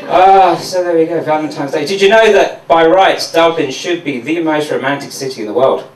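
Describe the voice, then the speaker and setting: A stand-up comedian from Mauritius, doing a sardonic, profane routine at a comedy venue. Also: male voice, fairly high pitch, moderate pace. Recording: echoey room from a distance.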